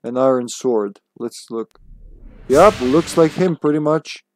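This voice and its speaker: A man's voice: medium pitch, a little slow, darkish tone, soft background music, poor audio. A man casually commenting while he plays a video game live, thinking aloud and greeting his viewers.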